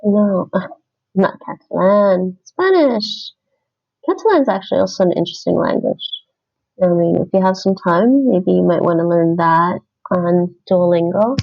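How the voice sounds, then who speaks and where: A woman's voice: on the low side, unhurried, gravelly, dull audio. A woman streaming her language-app practice, chatting casually and thinking aloud as she corrects herself. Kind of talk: casual livestream commentary while doing app lessons.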